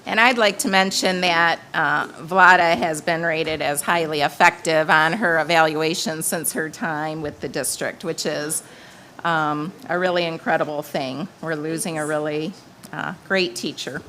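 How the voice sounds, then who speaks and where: A woman's voice: low-pitched, fairly even intonation, unhurried, pushed and bright, slight background noise. A woman presenting staff recognitions at a school board meeting in a plain, conversational way. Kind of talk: reading retirement recognitions.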